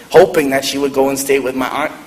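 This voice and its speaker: A man's voice: medium pitch, steady tone, fairly quick, darkish tone. A man giving an earnest sermon-style talk to a live audience, telling stories and laughing at himself. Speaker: convert speaker. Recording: echoey hall, faint noise.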